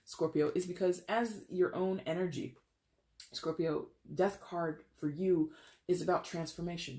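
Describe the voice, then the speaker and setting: A tarot reader giving a reading to viewers, excitable and chatty, talking straight to the listener and often repeating words. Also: medium pitch. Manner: casual and chatty with restarts.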